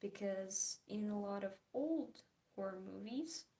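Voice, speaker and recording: A woman's voice: medium pitch, expressive, a little slow, dark tone. A young woman chatting casually and giggling while she paints, trailing off into murmured, half-whispered asides. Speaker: art vlogger.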